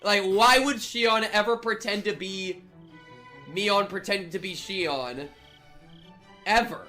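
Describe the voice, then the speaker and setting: A man ranting in a meme video with faint music behind him. His voice is bright and slightly high, and his exasperated commentary keeps building. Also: takes it slowly.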